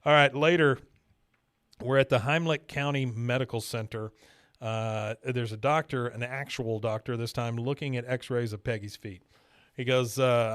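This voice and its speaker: A man hosts a casual podcast, recapping a cartoon episode in an easygoing, talkative way. His voice sits at an ordinary middle pitch. It is recorded dry, with no room echo. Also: moderate pace, clear, resonant tone. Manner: recaps scenes in a relaxed, chatty way and acts out quotes. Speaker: podcast host.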